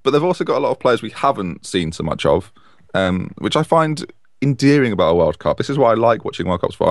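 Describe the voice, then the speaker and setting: A man's voice: fairly low pitch, no echo, studio quality. A man co-hosting a casual football podcast, talking in an enthusiastic, rambling way and often correcting himself. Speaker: podcast co-host.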